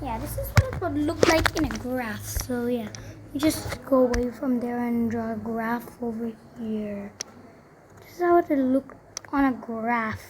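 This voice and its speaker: A woman's voice: on the high side, animated, a little slow, background noise. Chatty young woman explaining math. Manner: chatty, self-interrupting, many fillers. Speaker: math tutor. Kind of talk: casual explaining while writing.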